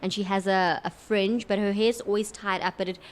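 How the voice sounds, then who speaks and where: A woman's voice: mid-range voice, fairly even intonation, a little fast, slight background noise. A woman from South Africa introducing her tabletop game character in casual chat, giggly and rambling, often correcting herself. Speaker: player.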